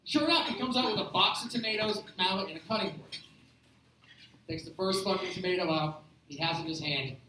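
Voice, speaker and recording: A man's voice: high-pitched, brisk, background noise. A man doing a stand-up comedy set, telling rambling, profane stories at a live show. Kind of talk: stand-up storytelling. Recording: echoey room picked up from a distance.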